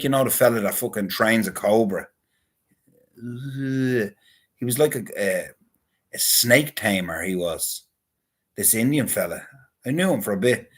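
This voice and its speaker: A man with a husky, slightly rough voice rambles through a casual monologue to his viewers. His talk is crude and loose, full of swearing and offhand banter. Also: lowish voice. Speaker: vlogger.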